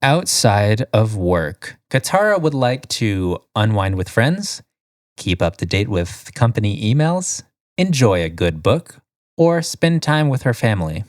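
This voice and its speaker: A man's voice: lowish voice, sing-song, a little slow, dry recording, clean studio sound. A man co-hosting a casual podcast, reading quiz questions and options aloud in a sing-song way with frequent giggles. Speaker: podcast co-host.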